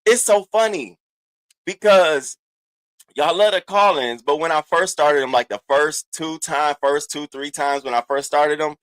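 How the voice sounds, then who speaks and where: Brief: male livestream host, AAVE, lively and profane, greeting viewers one by one, dry room. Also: fairly high pitch, moderate pace, no room sound. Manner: animated, profane, shouting out chat names. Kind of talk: casual livestream chat.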